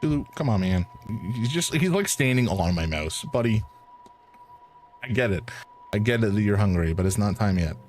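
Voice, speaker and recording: A man's voice: fairly low pitch, lively intonation, normal speed, a little mellow, a little hiss or hum. Chatty man streaming a mystery game. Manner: chatty, reads on-screen text aloud. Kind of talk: casual gameplay commentary.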